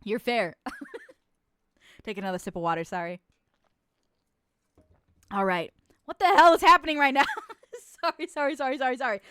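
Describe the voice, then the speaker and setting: A woman's voice: a little high, lively intonation, normal speed, pauses often, fairly bright tone, smooth, dry recording, studio quality. A woman streamer playing a nun who hears chat's confessions, swinging between mock-solemn verdicts and profane, laughing banter. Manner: laughs often.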